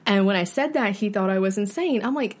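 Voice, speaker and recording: A young woman co-hosting a podcast in casual chat, telling her own story in animated bursts with halting restarts. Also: medium pitch. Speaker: podcast co-host.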